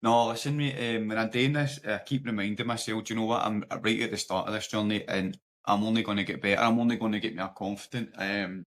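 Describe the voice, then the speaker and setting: A man with a fairly low voice hosts the chat in a modest, thoughtful way. He often checks in with "do you know what I mean". The call has a plain video-call sound. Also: steady tone, fast talker, fairly bright tone. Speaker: podcast host. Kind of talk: casual interview chat.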